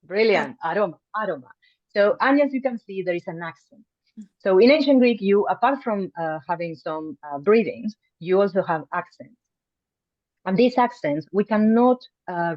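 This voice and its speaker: A woman with a lowish voice teaches an online language class, friendly and chatty, with plenty of ums and restarts. She's heard through a video call mic, and the audio is dull and dry.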